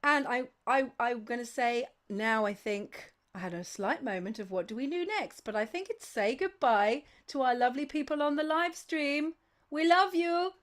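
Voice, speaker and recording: A fairly high-voiced woman hosting a livestream in a loose, chatty way. She gushes with thanks and works through a long list of viewers' names and places. Her talk is relaxed and conversational. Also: normal speed, few pauses. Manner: effusive, gushing thanks. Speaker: host of a sing-along livestream. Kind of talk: casual livestream chat.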